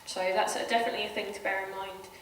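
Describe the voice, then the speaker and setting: A British woman hosting a convention panel, chatting in a quick, easy way. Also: medium pitch, level tone. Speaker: panel host. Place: convention hall. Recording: echoey hall from far off, faint noise.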